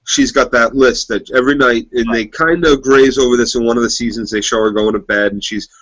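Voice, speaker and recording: A man's voice: mid-range voice, fairly even intonation, fairly quick, fairly bright tone, no echo, dull audio. Enthusiastic man chiming in on a recap. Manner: enthusiastic, drops in book knowledge and asides. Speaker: podcast co-host. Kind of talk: casual TV episode recap chat.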